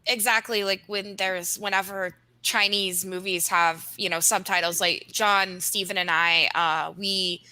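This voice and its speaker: A woman with a bright, forceful voice co-hosts a casual film talk, explaining points eagerly and laughing through them. The sound is dry and close to the mic. She speaks at an ordinary pitch, with energy. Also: fairly even intonation, unhurried, hardly any pauses, no echo, rough recording. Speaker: co-host and translator. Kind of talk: casual discussion.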